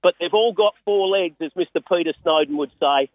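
An Australian man with a fairly high voice tells a story with bubbling excitement. He is calling in to a radio show, and his voice comes through a thin, phone-like line. The sound is close and dry. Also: a little fast, no room sound. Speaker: weatherman and racehorse part-owner.

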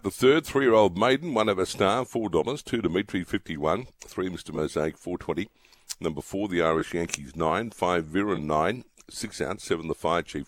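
A man, a radio host, briskly reading out the betting odds for each race. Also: sits low, dry recording. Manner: brisk, matter-of-fact listing.

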